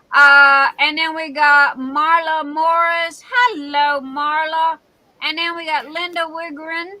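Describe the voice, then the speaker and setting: A woman's voice: high voice, sharp tone, no echo, rough recording. A woman with a Southern US accent hosting a casual live stream, chatty and greeting viewers by name with endearments like "darling.".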